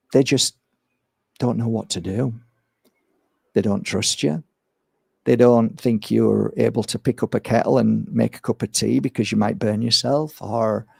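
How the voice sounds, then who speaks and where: A man's voice: medium pitch, gravelly, no room sound, studio quality. A man who works as a crystal healer, talking in a casual monologue and acting out exclamations. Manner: animated, acts out exclamations, swears.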